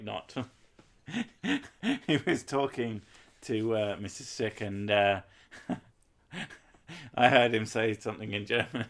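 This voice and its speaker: A man's voice: fairly low pitch, slow pace, pauses often, fairly bright tone. A man, chatting casually and rambling on a live stream, swearing freely and joking at his own expense. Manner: rambling, sweary, self-mocking humour. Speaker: game streamer.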